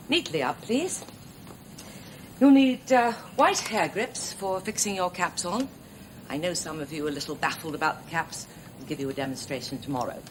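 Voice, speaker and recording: An actress playing a nursing tutor who lectures new students in a brisk, chatty way with small laughs. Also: female voice, fairly low pitch, a little hiss or hum, low-quality recording. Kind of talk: scripted TV drama acting.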